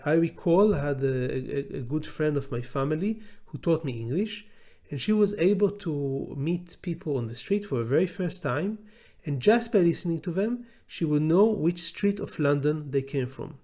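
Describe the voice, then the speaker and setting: A man's voice: on the high side, dark tone. A middle-aged man with an Israeli accent, a law professor giving an unscripted lecture, hesitant with many fillers and restarts.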